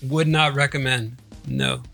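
A middle-aged man with a bright, edgy voice chats casually on a podcast, laid-back and quick to dismiss things. He laughs easily, with faint music in the background. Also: mid-range voice, fairly even intonation. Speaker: podcast co-host. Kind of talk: casual profane chat.

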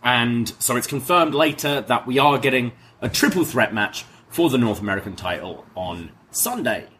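A man's voice: mid-range voice, moderate pace, a little hiss or hum. A man co-hosting a casual wrestling review podcast, recapping the episode with fillers and restarts. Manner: recaps quotes in a lively retelling, with fillers.

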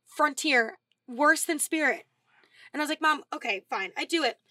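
A young adult woman co-hosts a podcast, animatedly telling stories in casual chat and swearing freely. Her voice is high-pitched and moderately paced, with no room sound.

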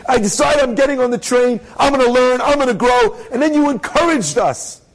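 A man's voice: very high-pitched, unhurried, breathy edge, pitched above the performer's own voice, exaggerated voice, poor audio. A man voicing an earnest, exasperated young religious woman who speaks in an emphatic, pleading way.

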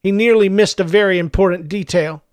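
A man narrating an audiobook in a steady storytelling manner. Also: high voice, a little fast, clear, resonant tone, dry recording. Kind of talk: scripted narration.

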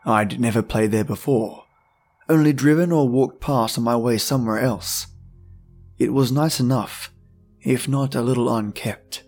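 A man narrating a creepy tale at a middle pitch, unhurried and low in volume. He sounds friendly and chatty, with faint music underneath. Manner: friendly, chatty intro, then slow hushed reading. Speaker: podcast host and narrator. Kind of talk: scripted horror story narration.

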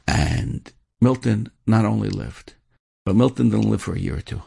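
A man's voice: fairly low pitch, moderate pace, vocal fry, warm tone, husky, no echo, studio quality. A man telling a story in an earnest manner, repeating words for emphasis and mixing in Yiddish and Hebrew terms. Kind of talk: storytelling talk.

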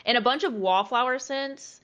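A woman's voice: on the high side, moderate pace, a bit bright, muffled recording. A woman in her twenties, a guest streamer, chatting casually and bubbly with lots of "like". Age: 20s. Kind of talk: casual chat.

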